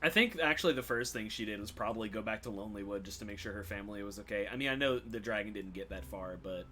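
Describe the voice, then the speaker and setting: Low-voiced man chatting as a player. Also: fast, crowd noise. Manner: relaxed, laughs often. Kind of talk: casual tabletop play.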